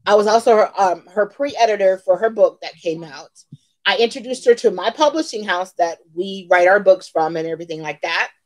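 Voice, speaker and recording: Heated and emphatic, a woman in her forties repeats lines for effect as she vents in a storytime vlog on her own beauty channel. Her voice is medium in pitch at a moderate pace, and the recording is rough.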